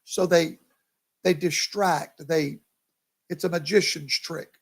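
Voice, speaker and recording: Tired, slow male pastor. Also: on the high side, steady tone. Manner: chatty, talks to viewers by name. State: tired, yawning. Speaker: pastor hosting a livestream. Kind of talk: casual live commentary.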